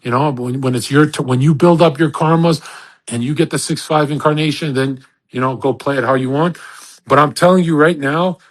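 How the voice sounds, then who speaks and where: Male host, casual audio-chat rant, crude and boastful, husky and a little high. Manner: rambling, with many restarts and acted-out quotes.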